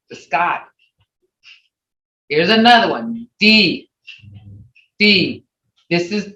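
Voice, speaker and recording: A Mvskoke language teacher, a Creek speaker, leading an online class and patiently repeating each word slowly and reassuringly. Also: medium pitch, fairly bright tone, slight background noise. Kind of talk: online language class over video call. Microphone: video call. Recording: roomy, distant, dull video-call audio.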